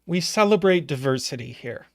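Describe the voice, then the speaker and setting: A man's voice: a little high, lively intonation, normal speed, dry recording, studio quality. A man hosting a live puzzle stream, joking with his chat and thinking aloud while he solves.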